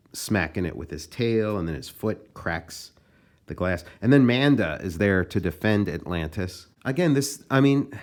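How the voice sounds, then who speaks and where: A man's voice: sits low, a little mellow. A comic artist and podcast host walking casually through his own artwork, thinking aloud in a loose, meandering way.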